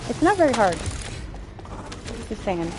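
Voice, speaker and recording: Young female streamer, sarcastic, swears a lot, slightly high voice. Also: sing-song, measured pace. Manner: blunt, profane, sarcastic. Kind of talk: casual chat while playing. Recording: faint game music behind.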